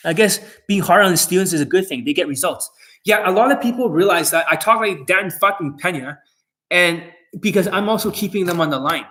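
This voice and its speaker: A dating coach, a man, delivers a boastful, profane monologue straight to his viewers. His voice sits a little high for a man, and he talks bluntly, with no softening. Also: animated, brisk. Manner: blunt, boastful, heavy swearing.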